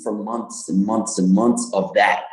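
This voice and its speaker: A man talking as a podcast guest, an animated storyteller who does voices and laughs often in casual interview chat. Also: on the low side, a little slow, reverberant, low-quality recording. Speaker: podcast guest, music producer and manager.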